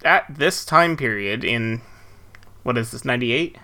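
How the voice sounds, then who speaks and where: A man co-hosting a relaxed film podcast, trading jokes with his partner. His voice is bright and forward, with a lively, swooping pitch. He laughs easily between thoughts. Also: unhurried. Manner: laughs often, lively and joking. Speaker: podcast co-host. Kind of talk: casual movie discussion.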